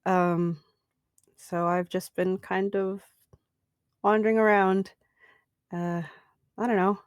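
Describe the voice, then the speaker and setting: Shy young wandering bard, halting and unsure, voiced by a woman player. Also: mid-range voice, no room sound, clean studio sound. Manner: hesitant, halting, many fillers.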